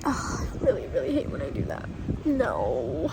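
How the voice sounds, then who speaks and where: A woman's voice: high voice, huge pitch swings, moderate pace, gravelly, heavy background noise. A young woman vlogger and rider, talking in a chatty, self-deprecating way with lots of "like". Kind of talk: casual vlog voiceover and on-camera chat.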